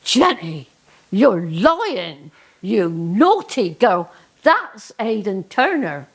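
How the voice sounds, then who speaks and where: A woman doing the Lord, a deep kindly god. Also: very animated, slightly rough, full character voice. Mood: scolding. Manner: slow, reassuring pronouncements.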